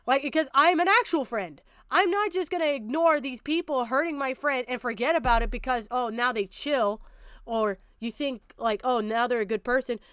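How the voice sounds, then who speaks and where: A young woman streamer rants angrily through a reaction stream, swearing freely and laughing between outbursts. Her voice is high, and the sound is dry and close. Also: moderate pace, a bit bright, clear, resonant tone, no room sound. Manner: angry, profane ranting with bursts of laughter. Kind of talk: live stream reaction commentary.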